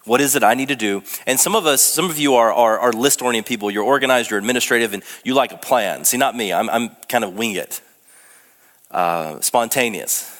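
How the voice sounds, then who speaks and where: A man's voice: mid-range voice, fairly quick, a bit bright. A young man preaching a sermon as pastor, in a conversational, self-deprecating way with frequent restarts. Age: young adult. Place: church sanctuary. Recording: long reverb of a church sanctuary.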